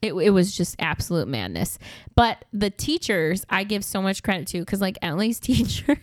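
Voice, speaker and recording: Chatty woman telling animated stories. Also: medium pitch, normal speed, no echo, studio quality. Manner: animated storytelling, mimics voices, laughs often. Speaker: podcast co-host. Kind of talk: casual chat.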